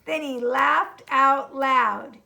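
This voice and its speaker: A woman reading a children's storybook aloud in a gentle, expressive way, chuckling along. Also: sits high, drawn-out words, gravelly, slight background noise.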